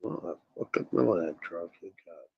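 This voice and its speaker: A man's voice: deep voice, moderate pace, vocal fry, husky, dry recording, dull audio. A male streamer in casual livestream talk who swears a lot and grumbles at his screen. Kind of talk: livestream talk, muttering to himself.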